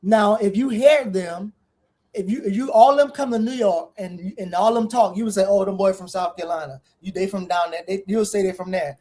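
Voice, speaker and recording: A co-host, telling stories animatedly in casual chat. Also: mid-range voice. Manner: animated storyteller, quick asides.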